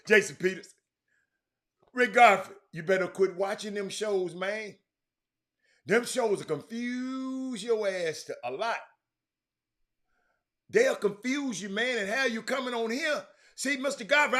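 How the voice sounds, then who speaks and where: Sports talk host, bright high voice, swings from loud banter to mutters. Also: male voice. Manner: animated, reads viewer comments aloud, drops to a mutter. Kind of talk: casual live-stream sports chat.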